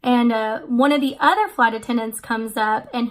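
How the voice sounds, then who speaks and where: A chatty young woman vlogging about her trip, her voice sitting a little high. She rambles along with plenty of "like" and "um", in an easy storytelling way. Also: steady tone, moderate pace, hardly any pauses. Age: 20s. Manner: chatty, many fillers and "like". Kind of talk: casual storytelling.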